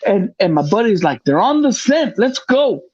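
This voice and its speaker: A man telling a hunting story in casual podcast chat, profane and animated, acting out the other people's voices. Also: high-pitched, moderate pace, husky, no echo, dull audio. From grew up in the projects. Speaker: podcast host.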